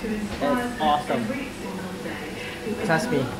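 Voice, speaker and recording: A man chatting excitedly to viewers in a casual cafe vlog, laughing often and calling them guys. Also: on the high side, very slow, a loud crowd, rough recording. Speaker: vlogger. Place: cafe indoors. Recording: loud background music. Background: loud music.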